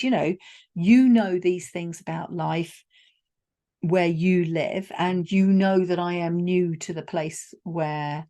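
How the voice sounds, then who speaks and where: A woman's voice: fairly low pitch, measured pace, warm tone. A woman hosting a solo podcast, telling a personal travel story in a conversational way with wry asides. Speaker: podcast host.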